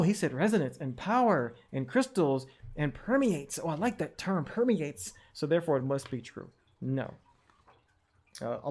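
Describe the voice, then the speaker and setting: Male educator, slightly high pitch, wry and skeptical, casual tutorial delivery with fillers. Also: darkish tone. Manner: skeptical, questioning, reads quotes aloud with wry asides; frequent fillers and restarts, chuckles at jargon. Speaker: educator explaining online research. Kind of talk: screen-share tutorial talk.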